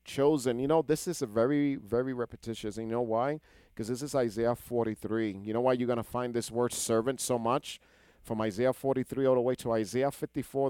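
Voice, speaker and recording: A man's voice: mid-range voice, dark tone, clean tone, no room sound. A man teaching a scripture lesson who explains Hebrew words and keeps asking his listeners questions. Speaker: Torah teacher.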